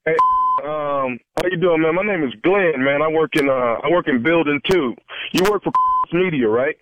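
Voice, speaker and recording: A man's voice: fairly high pitch, moderate pace, dry recording. A man making a prank phone call, pushy and stifling laughs as he talks. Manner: pushy, laughs under his breath. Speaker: prank caller.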